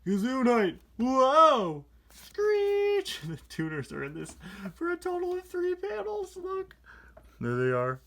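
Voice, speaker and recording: A man reviewing a comic book adaptation in a casual, sarcastic, exasperated way, reading captions aloud in quick put-on voices. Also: very high voice, huge pitch swings, vocal fry. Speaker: toy reviewer.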